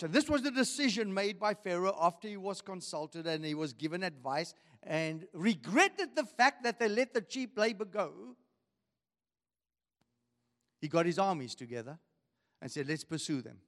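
A man's voice: sits high, expressive, moderate pace, fairly bright tone. A man preaching a sermon as pastor, asking the congregation questions as he reads and explains scripture. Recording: long hall reverb.

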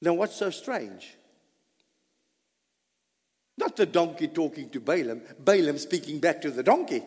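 A man preaching a sermon, animated, with sudden loud bursts and low asides. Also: unhurried, pauses often, breathy edge. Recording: reverberant hall.

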